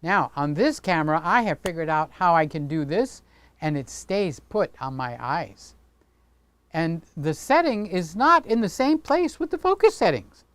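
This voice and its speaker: A man's voice: on the high side, fairly bright tone, dry recording. A man hosting a casual livestream, chatting playfully with viewers and talking with his hands. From Greek heritage. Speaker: livestream host.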